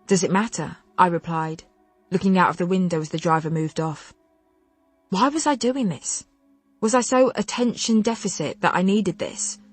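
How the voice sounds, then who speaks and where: A woman narrating a contemporary novel in first person, telling it in an expressive, wry way on a close studio mic. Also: lowish voice, normal speed, slightly rough, soft background music. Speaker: audiobook narrator.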